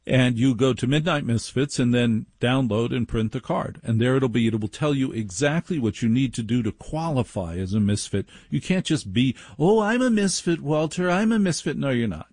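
Sardonic male radio host, husky and dry. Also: normal speed, darkish tone, no echo. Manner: sardonic, rambling, mocks listeners in high put-on voices. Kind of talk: monologue radio talk show. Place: home laundry room studio.

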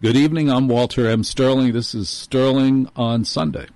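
Sarcastic gruff male show host. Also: mid-range voice, steady tone, normal speed, a little mellow, dry recording. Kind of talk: sardonic monologue.

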